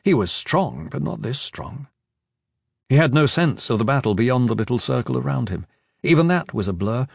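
A man's voice: medium pitch, lively intonation, moderate pace, vocal fry, slightly rough, no echo, clean studio sound. A man giving an intense, dramatic fantasy audiobook narration with shifting emphasis.

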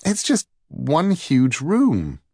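A man's voice: fairly high pitch, wildly swooping pitch, very slow, a little mellow, husky, no echo, studio quality, voice pushed up, exaggerated voice. A man voicing a sly, mischievous male trickster god in a storybook reading, with a lilting, wondering delivery. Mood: puzzled.

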